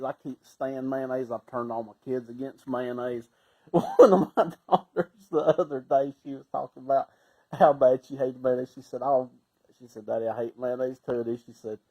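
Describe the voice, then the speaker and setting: A middle-aged man with a Southern Appalachian accent, telling casual stories in a folksy way, laughing often and sometimes breaking into loud shouts. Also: mid-range voice, poor audio. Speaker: storyteller. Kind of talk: casual storytelling.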